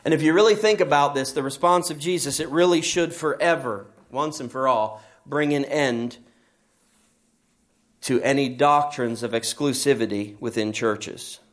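A middle-aged pastor preaches a sermon, telling stories and driving home his points with emphasis in passages that rise. His voice is medium in pitch and his pace is normal.

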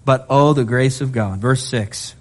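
A male pastor preaching a sermon in an animated way, mixing scripture reading with humorous asides. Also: medium pitch, unhurried.

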